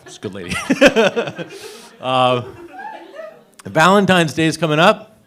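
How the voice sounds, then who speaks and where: A man's voice: on the high side, sing-song, slow, a bit bright. Young man doing giggly stand-up. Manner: laughs at his own jokes, rambling asides. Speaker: stand-up comedian. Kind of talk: stand-up set. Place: open mic comedy stage.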